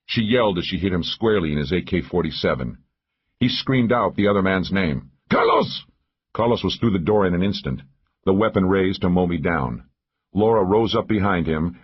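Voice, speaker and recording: A man narrating a first-person thriller audiobook in a steady, measured way. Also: low-pitched, breathy edge, lo-fi sound.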